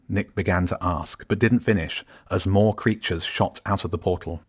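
Deep-voiced male storybook narrator. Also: steady tone, normal speed, few pauses.

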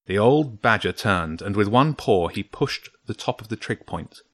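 Low-voiced man reading a story. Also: no echo. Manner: measured, steady reading. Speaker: narrator. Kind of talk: scripted storybook narration.

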